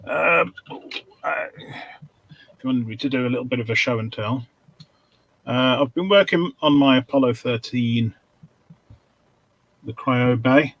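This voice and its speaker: A man chatting casually on a video call, halting and dry-humored, with frequent ums. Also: medium pitch, highs cut off. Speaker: regular panelist.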